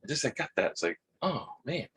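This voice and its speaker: A man with a Hawaiian accent telling a rambling personal story, halting, repeating words and acting out quotes in a husky voice. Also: medium pitch, very animated, a bit bright. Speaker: vlogger.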